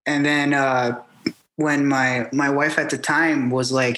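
A man in his thirties recalls his military years and what came after. His voice sits fairly high, and it carries a roomy echo. He stumbles and repeats words, and he acts out the people he quotes. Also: steady tone, normal speed, a bit bright. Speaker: military veteran guest. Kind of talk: candid personal storytelling.

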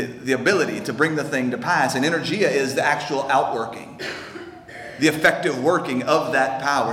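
A man's voice: medium pitch, a bit bright. A male pastor preaching an earnest, intense sermon in a church, often stammering and repeating words as he builds. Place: church sanctuary. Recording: echoey hall with faint ambience.

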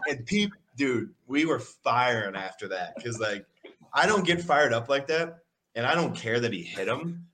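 A young man, a college football player, telling animated, profane stories with lots of fillers in a casual interview. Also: mid-range voice, moderate pace, slight background noise. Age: young adult. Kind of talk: casual storytelling.

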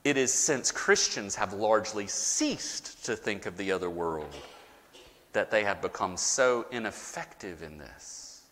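A man preaching a sermon as pastor, with dramatic pauses and rising, emphatic repetition. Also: on the low side, big pitch swings, fairly bright tone, long reverb tail.

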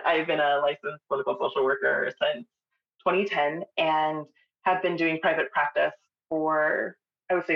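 A woman in her thirties from Texas, co-hosting a podcast and talking about herself in an unhurried way. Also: low voice, reverberant, lo-fi sound. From El Paso, Texas. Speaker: podcast co-host. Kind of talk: casual podcast chat.

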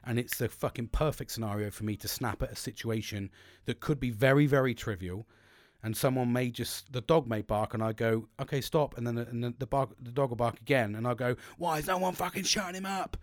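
A man hosts a podcast in a loose, candid monologue, swearing often and breaking off to restart his thoughts. His voice sits at an ordinary middle pitch and sounds close and dry, with no room around it. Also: steady tone, a little fast, no echo. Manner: chatty and frank, swears freely, restarts sentences. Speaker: podcast host. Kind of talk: casual monologue on coping and mental health.

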